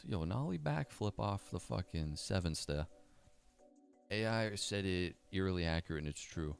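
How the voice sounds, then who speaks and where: A man's voice: sits low, lively intonation, normal speed, gravelly, soft background music. A young man hosting a casual livestream, chatting in a laid-back, profane, slangy way and answering live chat comments. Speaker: livestream host.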